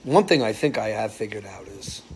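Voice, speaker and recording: With a lowish, creaky, expressive voice at a moderate pace, a man hosts a casual live stream on his porch under a ceiling fan, amid slight background noise. He rambles through stories and often loses track of his thoughts.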